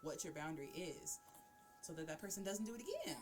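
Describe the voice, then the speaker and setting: A woman hosting a casual chat, animated and laughing as she acts out everyday examples. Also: on the low side, fairly quick, faint music behind. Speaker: host.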